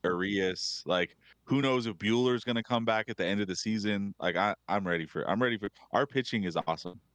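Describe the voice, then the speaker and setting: Man, lower voice, sports podcast co-host, halting casual talk, dry sound. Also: a bit bright, dry recording. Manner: hesitant, restarts often, laughs easily.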